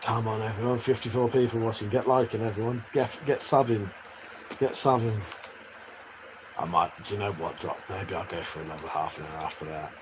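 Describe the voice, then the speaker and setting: A man's voice: on the low side, steady tone, fairly quick. An English man chatting casually and crudely on a live stream, reading out chat messages and laughing often. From England. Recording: faint background noise.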